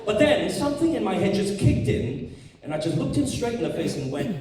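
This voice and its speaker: A man doing a stand-up comedy routine on a theater stage, telling a story with lively delivery, acting out other voices and swearing. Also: sits high, a little fast, crowd noise. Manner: animated, acts out voices, swears. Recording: echoey hall from far off, audience noise. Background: audience laughter.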